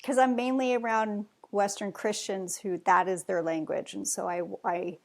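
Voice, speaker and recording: A woman speaks as a podcast guest in loose, rambling conversation, full of fillers. Her voice sits in a middle pitch with a gravelly fry under it. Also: fairly even intonation, normal speed. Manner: chatty, rambling with many fillers. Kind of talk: casual conversation.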